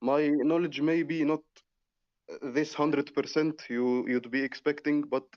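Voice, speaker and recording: A man from Egypt with an Egyptian Arabic accent, speaking English as a second language in a casual religious discussion, slow and hesitant with many restarts. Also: fairly high pitch, steady tone, no room sound, dull audio. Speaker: call-in guest.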